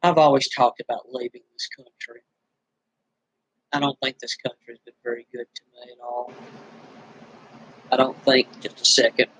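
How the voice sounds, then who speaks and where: A man vents to his camera in a weary, bitter ramble, his throat dry from screaming. His delivery is flat and monotone, stumbling through restarts. The recording is dry and close, with no room sound. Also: mid-range voice, normal speed, long pauses, slightly rough, no echo, low-quality recording. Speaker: vlogger. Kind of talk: venting straight to camera.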